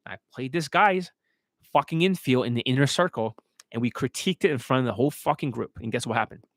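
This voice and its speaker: A man's voice: mid-range voice, quick pace, no room sound. Profane, ranting man with a dry sound. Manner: profane, scornful, aggressive ranting. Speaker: dating coach. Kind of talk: ranting monologue.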